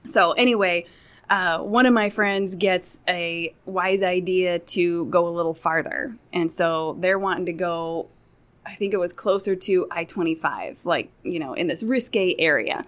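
A woman, a podcast guest, telling a story in casual chat, animated and quick to mimic other people. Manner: animated, shifts into loud high mimicry of others.

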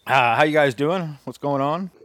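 A man's voice: on the high side, normal speed, no room sound. A man hosting a radio talk show, chatting casually and laughing through his jokes. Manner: animated, laughing, jokey. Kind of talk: casual chat.

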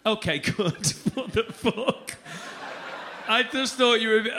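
Stand-up comic, man, 30s, bright and high voice, brash swearing crowd banter on a club stage. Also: slow pace, a little hiss or hum. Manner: loud, cheeky, swearing banter. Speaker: stand-up comedian.

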